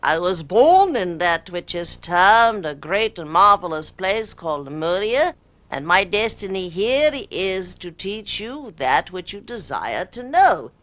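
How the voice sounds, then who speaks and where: A woman's voice: fairly low pitch, big pitch swings, a bit bright. A woman voicing an ancient male spirit teacher in a put-on British accent, giving grandiose, solemn pronouncements as a channeling performance. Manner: slow, stately pronouncements.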